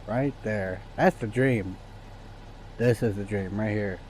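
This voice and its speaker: A man with a lowish voice talks to his chat while he plays, loose and casual. He rants freely and swears often, and a faint hum sits behind him. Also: slow pace, a little mellow. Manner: profane, ranting to chat. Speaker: streamer.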